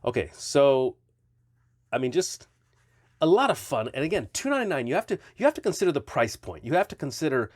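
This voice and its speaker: A man's voice: medium pitch, very animated, a little fast, no room sound, clean studio sound. A man casually reviewing stretchy toy figures, chatty and rambling, often correcting himself mid-sentence.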